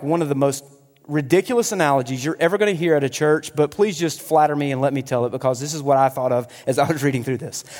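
High-voiced animated preacher man in a reverberant hall. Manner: animated storytelling with playful humor. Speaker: pastor. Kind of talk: sermon. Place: church hall.

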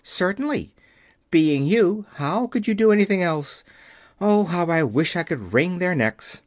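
A man's voice: sits high, lively intonation, unhurried, no echo, studio quality. A man voicing a loyal, indignant young wife.

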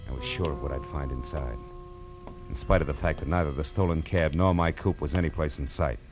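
An actor playing a hard-boiled private detective who narrates, with a dry, terse delivery in a 1940s radio drama. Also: male voice, very deep voice, brisk, darkish tone. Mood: narrating. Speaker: narrator and lead. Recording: old radio broadcast with faint music.

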